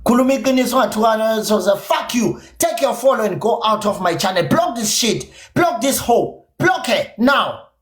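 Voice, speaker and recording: A man's voice: high-pitched, lively intonation, normal speed. Fiery South African man with a Zulu-inflected accent. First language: isiZulu. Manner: confrontational, profane, repetitive. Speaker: podcast streamer. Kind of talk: angry livestream rant. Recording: echoey room.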